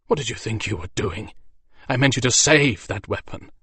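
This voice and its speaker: A man voicing a frail, dying old male mage who speaks in a soft, hoarse, tender voice. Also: medium pitch, moderate pace, no echo. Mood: gentle, tender. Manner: tender and weary.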